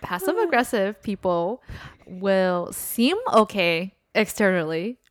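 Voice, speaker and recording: A woman's voice: mid-range voice, sing-song, slow pace, dry recording, studio quality. A young woman co-hosting a podcast, explaining ideas in casual chat with lots of fillers. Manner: explains at length with many fillers. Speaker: podcast co-host.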